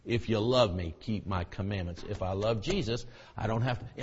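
A middle-aged male preacher giving a sermon, swinging between hushed near-whispers and loud shouted preaching. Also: fairly low pitch, brisk, slightly rough. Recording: dull lo-fi recording with long hall reverb.

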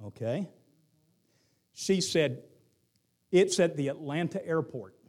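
A middle-aged man with a Southern accent preaching a sermon, moving from hushed lines to shouted ones. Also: fairly high pitch, expressive, slow pace. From Southern United States. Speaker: pastor.

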